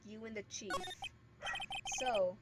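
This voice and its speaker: A woman's voice: mid-range voice, slow pace, natural voice. A woman reading aloud in her own voice as a puzzled young male lawyer. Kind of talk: reading game dialogue aloud. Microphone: streaming mic. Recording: very loud static hiss, poor stream mic.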